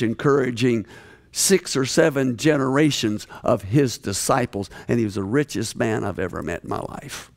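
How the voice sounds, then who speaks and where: A man preaching to a large gathering, telling stories with many restarts and swinging from hushed tones to shouts. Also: mid-range voice, vocal fry. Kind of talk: sermon.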